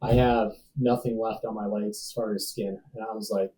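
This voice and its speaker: Guy in his 30s, real dark mellow voice, slangy laid-back storytelling, sits kinda far from the mic. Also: on the low side, flat delivery, normal speed. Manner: casual and slangy, calls the listener dude and bro. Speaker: podcast guest, safety professional. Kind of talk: personal storytelling in a conversation.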